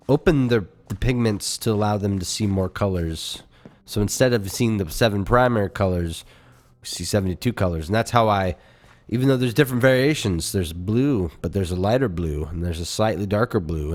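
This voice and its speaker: A man's voice: lowish voice, darkish tone, natural voice. A man playing a rambling candy company boss. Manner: rambling, stammering nonsense explanations.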